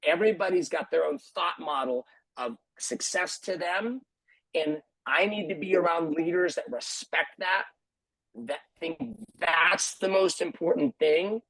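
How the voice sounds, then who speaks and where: Earnest husky man on a video call. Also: on the high side, measured pace, a bit bright, no room sound, low-quality recording. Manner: earnest, reflective, repeats phrases for emphasis. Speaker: martial arts school owner. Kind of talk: video call panel talk.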